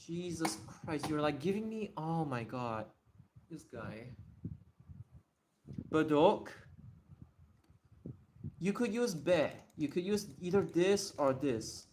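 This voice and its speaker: A livestream host runs a casual live Q&A explaining Japanese readings, thinking aloud and repeating and restarting words to test how they sound. His fairly high voice is animated, slow, and a little mellow, with frequent pauses. A little hiss or hum is present.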